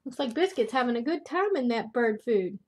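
An older woman, reading a children's picture book aloud as a grandmother, gently chatting and asking the listeners questions. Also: a little high, expressive, brisk. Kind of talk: storybook read-aloud for children.

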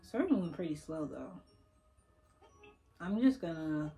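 A woman's voice: low-pitched, big pitch swings, measured pace, gravelly, mellow. Chatty young woman coaxing game characters. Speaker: gaming YouTuber. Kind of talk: casual let's-play commentary. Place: at home by her computer. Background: faint game music.

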